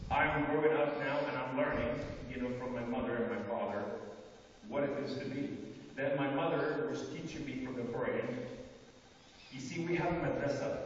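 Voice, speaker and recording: A man's voice: mid-range voice, noisy background. A man giving an emphatic, repetitive preaching talk to an audience, recorded on a phone from the audience in a large hall. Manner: emphatic, repetitive, rising and falling in force. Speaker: speaker addressing an audience. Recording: dull, distant, echoey hall phone recording.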